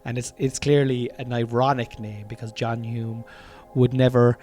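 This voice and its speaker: Rambling Irish man podcasting, mid-pitched. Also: level tone, moderate pace, dark tone. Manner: rambling, profane, addresses listeners as lads. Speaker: podcast host. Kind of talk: casual comedic monologue. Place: room in his home.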